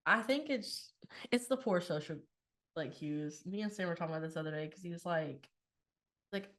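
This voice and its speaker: A podcast co-host in her twenties chats casually, retelling conversations full of quoted back-and-forth and laughter. Her voice is on the low side, a bit bright, and she talks a little fast.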